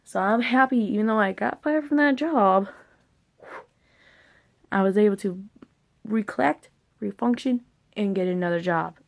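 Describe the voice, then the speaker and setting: Woman vlogger, mid-pitched, loose and rambling storytelling, blunt and candid, swears casually. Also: measured pace, creaky, long pauses.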